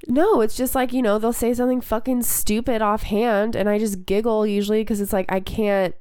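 A woman's voice: a little high, little pitch movement, fairly quick, warm tone, clear, resonant tone, no room sound, studio quality. A young woman co-hosting a casual podcast, talking candidly, swearing freely and full of fillers and restarts. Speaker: podcast co-host.

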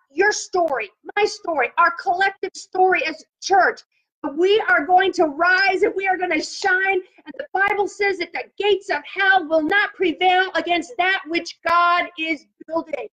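Emphatic high-voiced woman preaching. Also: fairly bright tone. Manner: emphatic, repeats phrases for effect. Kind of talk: sermon with prophetic prayer. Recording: muffled lo-fi audio.

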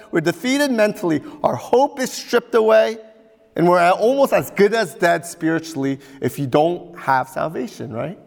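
A man preaching a sermon as pastor, telling a story in a lively, conversational way with asides to the congregation. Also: high voice, creaky, long reverb tail.

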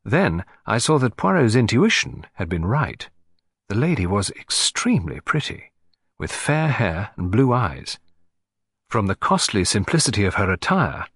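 A man narrating an audiobook in a measured, first-person storytelling voice. His tone is slightly husky and moves expressively up and down, recorded close with a dry, dead sound. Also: on the low side, big pitch swings, a bit bright, no room sound.

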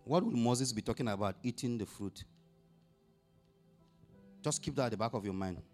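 A male pastor with a mid-range, somewhat dark voice preaches at normal speed, faint music playing behind him. He poses questions to the congregation and rises into emphatic bursts when he turns to scripture.

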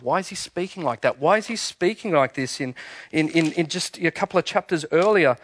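A man preaching a sermon in a church, animated and conversational, often restarting his sentences. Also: a little high, a little fast. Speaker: pastor.

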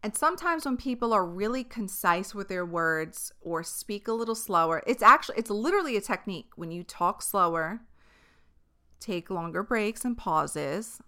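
Brief: young New York-accented woman, podcast host, frank and chatty, bright crisp tone. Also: mid-range voice, lively intonation, moderate pace. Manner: chatty, frank, swears, lots of filler words. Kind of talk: casual solo podcast monologue.

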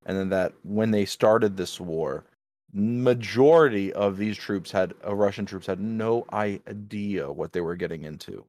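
A man's voice: lowish voice, unhurried, a little mellow. A man co-hosting a casual podcast, talking earnestly with lots of ums and restarts. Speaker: podcast co-host. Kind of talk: casual drinking chat. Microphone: podcast mic.

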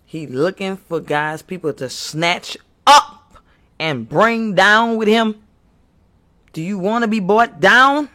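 A man's voice: high-pitched, lively intonation, slow, pushed and bright. A man preaching to his viewers with impassioned, earnest exhortation, pleading and repeating himself. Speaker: faith speaker.

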